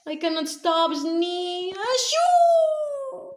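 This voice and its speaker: A woman voicing an anxious male elephant in a children's storybook, speaking slowly and dramatically. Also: sits high, big pitch swings, a bit bright, slight background noise, heavily acted. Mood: worried.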